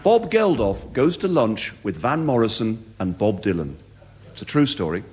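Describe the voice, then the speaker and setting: A British man performing live comedy, telling a story in an animated, mock-dramatic way. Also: on the low side, moderate pace, husky. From Britain.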